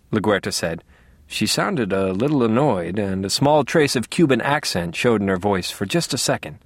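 A man's voice: lowish voice, animated, normal speed, dry recording. A man narrating a crime novel in first person with a dry, wry manner. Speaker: audiobook narrator.

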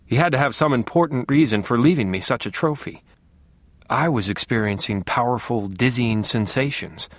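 A man's voice: mid-range voice, normal speed, fairly bright tone, no room sound. Dry, wry male audiobook narrator. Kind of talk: first-person audiobook narration.

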